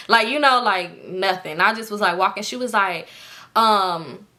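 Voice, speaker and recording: A woman's voice: mid-range voice, normal speed. A young woman casually telling a personal story to her viewers, swearing freely and acting out what other people said. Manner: animated, swearing, slangy, acts out quoted voices. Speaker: storytime vlogger.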